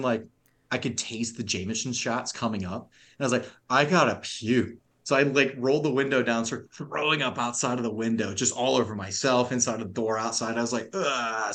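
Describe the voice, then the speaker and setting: A man's voice: medium pitch, a bit bright. A young adult man on a podcast, telling a long story in rambling, profane, laugh-filled casual chat.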